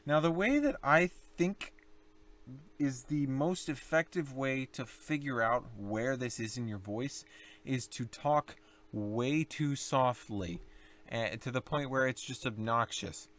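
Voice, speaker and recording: A young man explaining low singing techniques in a casual tutorial, rambling and self-correcting as he demonstrates growls and vocal fry. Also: big pitch swings, measured pace, a bit bright. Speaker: singing teacher.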